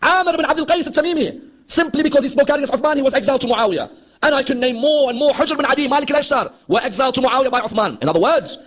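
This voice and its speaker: Delivering an impassioned religious history lecture, this Shia preacher has a very high-pitched, slightly bright, husky voice. He poses rhetorical questions to his audience and performs the quoted dialogue.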